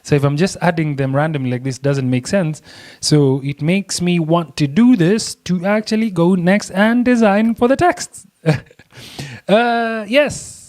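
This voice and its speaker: Male design tutor, excitable and chatty, somewhat high-pitched. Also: measured pace. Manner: excitable, chatty, laughs often. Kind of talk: screen-recorded software tutorial.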